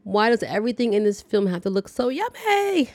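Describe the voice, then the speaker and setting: A woman's voice: medium pitch, sing-song, brisk, a little mellow, dry recording. A woman podcast host giving a chatty, wry, dryly joking casual recap of a movie. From lives in the American South.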